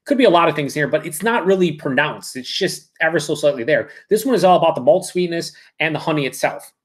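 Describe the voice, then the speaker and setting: A man's voice: fairly high pitch, animated, fast talker. A man hosting a live beer review, talking casually and reading out viewer comments, rambling and correcting himself.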